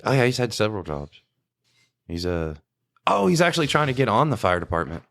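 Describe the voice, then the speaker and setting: Deep-voiced man telling war stories. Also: very animated, fairly quick, gravelly, fairly bright tone, no room sound, clean studio sound. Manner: rambling, profane, laughing, mimics others' voices. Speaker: podcast co-host, small-town police officer. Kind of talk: casual storytelling chat.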